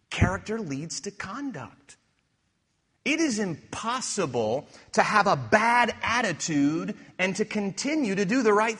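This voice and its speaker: A man preaching a sermon, using rhetorical questions and swinging from hushed to emphatic. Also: fairly high pitch, husky. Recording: reverberant hall.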